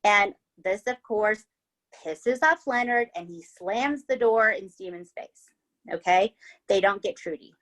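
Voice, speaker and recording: A woman's voice: mid-range voice, a little slow, fairly bright tone. Chatty woman podcaster telling a true-crime story. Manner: chatty, swears, tags lines with "right?" and "okay?". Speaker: podcast host.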